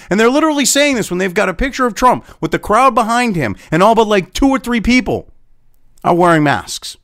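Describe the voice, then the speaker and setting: A man's voice: high-pitched, sing-song, a little fast, fairly bright tone, no echo, clean studio sound. A man hosting political commentary, reading through an article and ranting with profanity and sarcasm.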